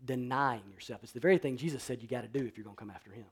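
A man pastor preaching a sermon, swinging between loud emphatic declarations and quiet, low-voiced passages. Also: rapid-fire, slightly rough.

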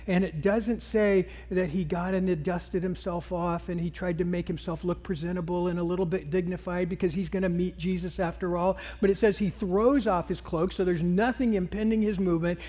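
A pastor delivers his sermon in an animated storytelling manner, throwing himself into each scene. His high-set, breathy voice carries a long reverb from the church sanctuary.

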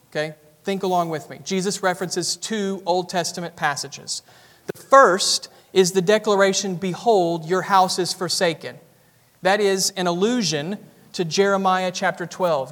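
A man's voice: high voice, a bit bright. A man with a Southern US accent, a pastor preaching an earnest expository sermon in a church sanctuary. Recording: reverberant church hall.

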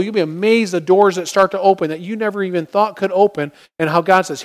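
A man's voice: high voice, steady tone, fast talker, hardly any pauses, in a large hall. A man preaching a sermon, earnest, often acting out prayers and inner thoughts as he teaches. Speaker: pastor.

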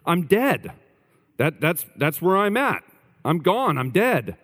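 A man's voice: a little high, very animated, slow pace, fairly bright tone, long reverb tail, pitched above the performer's own voice, exaggerated voice. A man voicing a stubborn man who insists he is dead, protesting in a raised voice. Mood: insistent.

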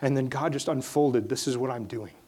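A man delivers a church sermon in a middle-pitched voice. He drops to hushed, prayerful tones, then builds to loud, emphatic peaks. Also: a little fast, slightly rough. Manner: swings from hushed prayerful lines to rising, emphatic preaching. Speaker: pastor.

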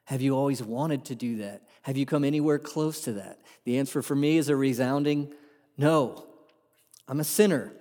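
A man's voice: medium pitch, moderate pace, dark tone. A man preaching a sermon as a pastor, earnest and emphatic, asking the room rhetorical questions. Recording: long hall reverb.

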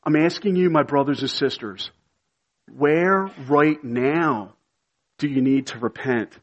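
A pastor preaching a sermon with earnest conviction, building to emphatic, shouted appeals. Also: male voice, on the high side, slow pace, lo-fi sound.

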